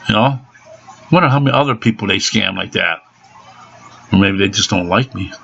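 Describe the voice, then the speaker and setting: A man's voice: fairly low pitch, creaky, fairly bright tone, muffled recording. A man venting angrily in a profane vlog monologue about his car being repaired. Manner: angry, cursing constantly.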